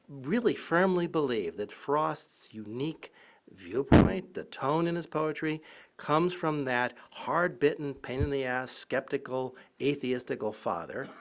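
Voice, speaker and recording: A male professor gives a public talk in the manner of a storyteller. He is lively and irreverent, with frequent laughter and asides. His voice sits at an average pitch for a man. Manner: anecdotal, often laughing. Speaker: college professor. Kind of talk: humorous public lecture.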